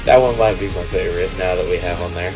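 A man's voice: low voice, quick pace, music in the background. A young man hosting a casual podcast, joking, swearing and hyping up introductions like an announcer. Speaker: podcast host.

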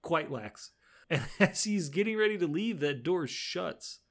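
A relaxed man with a gravelly edge to his voice talks through a show's episode in casual chat. He laughs easily and slips into quoting the characters along the way. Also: a little high, unhurried. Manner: laid-back, laughs often, retells scenes with quoted lines. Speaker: podcast co-host recapping an episode.

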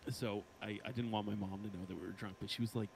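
A man's voice: on the low side, steady tone, fast talker, vocal fry, slight background noise, poor audio. A young male podcast guest telling a laid-back, profane story from school days. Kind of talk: casual chat.

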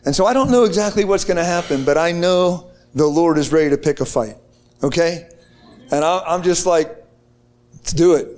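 A man from the United States telling a testimony to a group in an excited, casual way, with slang and many restarts. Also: on the high side, moderate pace. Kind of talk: animated storytelling to a group.

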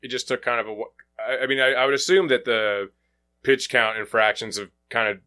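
A man's voice: mid-range voice, brisk, sharp tone. A man hosting a casual sports podcast, rambling with lots of fillers, restarts and swearing. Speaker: podcast host.

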